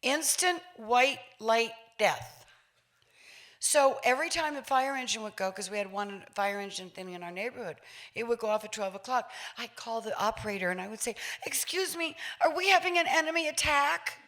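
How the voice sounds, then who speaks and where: A woman in her sixties giving a public talk, telling a personal story in an animated way and acting out voices with laughs. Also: medium pitch, normal speed. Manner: lively, acts out voices, laughs while telling. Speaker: featured speaker.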